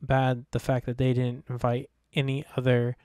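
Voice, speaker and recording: A man's voice: medium pitch, completely flat delivery, normal speed, darkish tone, no room sound, clean studio sound. A man co-hosting a movie review podcast, talking casually and a bit hesitantly. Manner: hesitant, lots of fillers and restarts. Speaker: podcast co-host.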